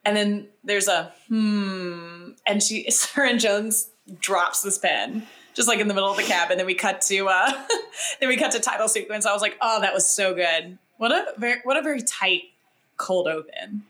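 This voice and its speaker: Bright, chatty young woman. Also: mid-range voice, moderate pace. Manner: chatty, animated, lots of fillers. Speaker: podcast co-host. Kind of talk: casual chat recapping a TV episode.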